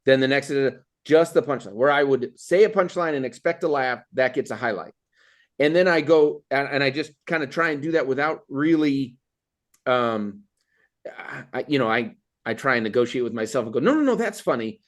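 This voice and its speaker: Man on a video call hosting a comedy workshop, middling pitch, rambly, lots of ums and restarts. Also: normal speed. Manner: rambling, many fillers and restarts. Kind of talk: casual chat on a video call.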